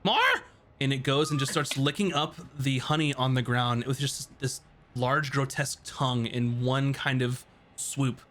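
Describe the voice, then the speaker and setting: A man's voice: mid-range voice, normal speed, slight background noise. Laid-back man narrating as game master. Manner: relaxed, rambling descriptions with many fillers.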